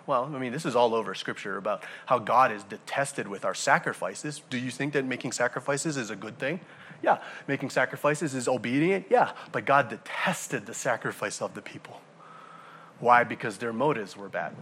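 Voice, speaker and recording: A man preaching a sermon to a congregation, animated, throwing rhetorical questions and acting out everyday scenes. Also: medium pitch, normal speed, slightly rough. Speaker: pastor.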